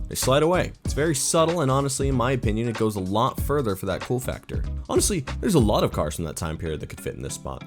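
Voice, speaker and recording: A young man hosting a car video in casual scripted commentary, opinionated and playful with jokey asides. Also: on the low side. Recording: music playing behind the voice.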